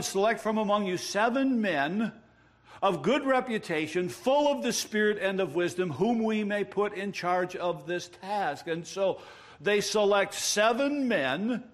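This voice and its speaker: A pastor preaching a sermon, explaining a passage earnestly with emphatic rises and wordplay. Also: male voice, high voice, a bit bright. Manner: self-described wordsmith, plays with words.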